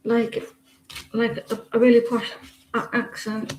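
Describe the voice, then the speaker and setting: A woman's voice: on the high side, completely flat delivery, measured pace, darkish tone, echoey room, slight background noise, rough recording. A woman giving casual, teasing tarot readings on a live stream, chatting to viewers and laughing often.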